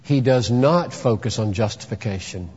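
A man preaching a sermon with emphatic delivery, firing off rhetorical questions and sometimes shouting for effect. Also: medium pitch, normal speed, slightly rough. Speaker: pastor. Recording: dull sound with long hall reverb.

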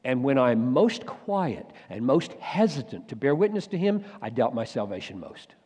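A man preaching a sermon, swinging from loud urgent bursts to hushed, near-whispered lines. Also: medium pitch, very animated, moderate pace, husky. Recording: long hall reverb.

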